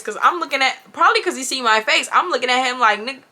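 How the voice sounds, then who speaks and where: Young woman vlogger, high and bright, animated and slangy storytime delivery. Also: fast talker, hardly any pauses. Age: 20s. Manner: animated, exclamatory, slangy, addresses viewers as y'all. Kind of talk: storytime vlog.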